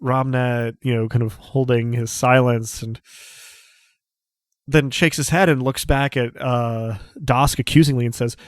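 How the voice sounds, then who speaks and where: A man narrating as game master, measured and pausing often with fillers. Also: mid-range voice, steady tone, clear, resonant tone, dry recording, clean studio sound. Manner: measured, with frequent pauses and fillers.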